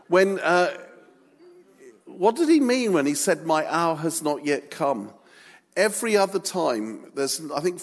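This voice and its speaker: A man preaching a sermon, telling a story with humor and lively delivery. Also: fairly high pitch. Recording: long reverb of a large hall.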